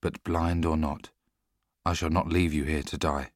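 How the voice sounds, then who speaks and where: A man reading an audiobook, voicing a bold, defiant young male outlaw who turns loud and commanding when he shouts. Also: very deep voice, little pitch movement, unhurried, no echo, studio quality. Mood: earnest. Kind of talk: audiobook character voice.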